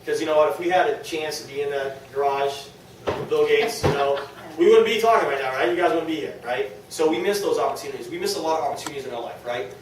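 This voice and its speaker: At a business meeting, a man with a voice on the high side gives a motivational testimonial to a small audience. He talks fast and enthusiastically, quoting others in lively asides, while a distant mic catches him in a very echoey room with faint noise.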